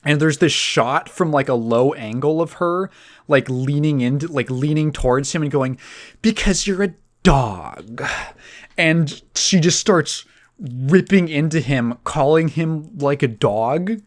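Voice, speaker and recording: A man's voice: fairly high pitch, unhurried. Male podcast host, casual chat, rambling and profane, laughs often.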